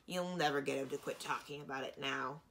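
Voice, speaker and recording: A woman's voice: rumbling low, fairly quick, creaky, a bit bright, a little hiss or hum, full character voice. A woman doing a sarcastic, bored male dragon. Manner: dry, sarcastic, muttering.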